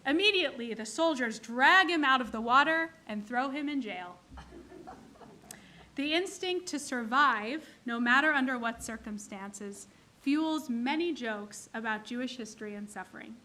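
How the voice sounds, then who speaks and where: A woman's voice: sits high, animated, a little slow, bright, forceful tone. A woman from the clergy giving a sermon in a synagogue, telling jokes and acting out their characters. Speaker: clergy leading a service.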